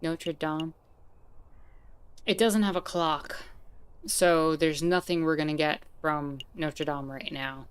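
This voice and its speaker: A woman's voice: low-pitched, fairly even intonation, slow, long pauses, smooth. A woman streamer giving casual, chatty commentary while playing a game, thinking aloud and laughing easily.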